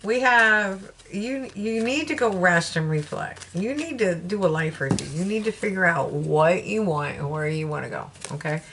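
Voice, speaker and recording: A woman's voice: lowish voice, animated, normal speed, hardly any pauses, a bit bright, a little hiss or hum. Chatty, laughing Southern woman. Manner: chatty, laughing, self-interrupting. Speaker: tarot reader. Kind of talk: casual tarot reading.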